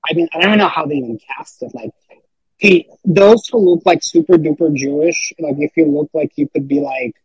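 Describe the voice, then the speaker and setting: A man's voice: a little high, a little fast, breathy edge, no echo, rough recording. A man talking as a podcast guest in casual chat, rambling with lots of fillers and restarts.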